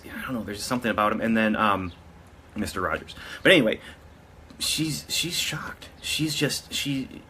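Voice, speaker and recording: Man, casual storytelling vlogger, slightly low voice, crisp forceful tone, rambling with restarts. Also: slight background noise. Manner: rambling, with frequent restarts and self-corrections.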